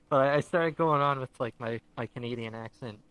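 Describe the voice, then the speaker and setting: A man's voice: medium pitch, fairly bright tone, clear, resonant tone, no echo, poor audio. Chatty man telling stories, dry sound. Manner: laughs a lot, chatty anecdotes. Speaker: podcast co-host. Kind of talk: casual chat, storytelling.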